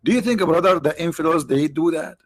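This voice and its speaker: A man hosts a livestream in English that is not his first language, talking in a slightly high voice recorded dry and close. He mocks and needles with a steady run of rhetorical questions. His voice sounds worn, and he clears his throat between points. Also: fairly quick, dry recording. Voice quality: non-native English phrasing. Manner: sarcastic, mocking, rhetorical questions. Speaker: livestream host. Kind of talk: mocking debate commentary.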